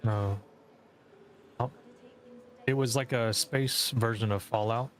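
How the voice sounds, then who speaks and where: A man's voice: mid-range voice, steady tone, takes it slowly, a bit bright. A man chatting casually with friends during a game, telling rambling stories full of fillers. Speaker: gaming friend. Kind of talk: casual gaming chat.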